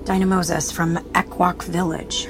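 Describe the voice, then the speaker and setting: In a radio drama, a woman plays a no-nonsense federal agent. she speaks briskly in a fairly low voice, with music running clearly underneath. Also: level tone, natural voice.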